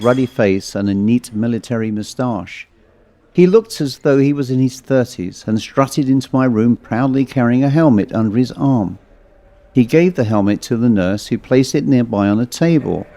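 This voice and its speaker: A man narrating a ghost story in a measured, ominous storytelling manner. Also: mid-range voice, warm tone.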